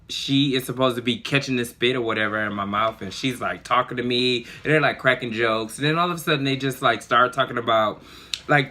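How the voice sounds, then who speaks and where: A man telling a story in a casual vlog, chatty and animated, full of fillers. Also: mid-range voice. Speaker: vlogger.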